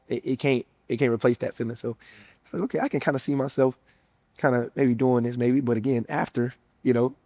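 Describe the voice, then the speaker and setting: A young man in his twenties tells his personal faith story in a relaxed, conversational way. He keeps dropping fillers like "man" and "you know" as he talks. His voice sits at an ordinary pitch, and the sound is dry and close, with no room echo. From United States. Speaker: former college football player sharing testimony.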